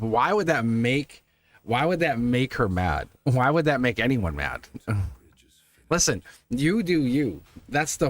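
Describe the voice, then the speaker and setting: A middle-aged man reading tarot live, chatting casually, laughing often and repeating himself. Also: medium pitch. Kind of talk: casual live-stream chat. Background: test music.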